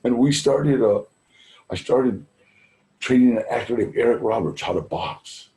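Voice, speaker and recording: A man's voice: mid-range voice, a little slow, mellow, echoey room. An older man, a guest speaker, telling laid-back anecdotes in a casual way, dropping "man" and "you know" and acting out the people in his stories. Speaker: guest speaker at a recovery fundraiser.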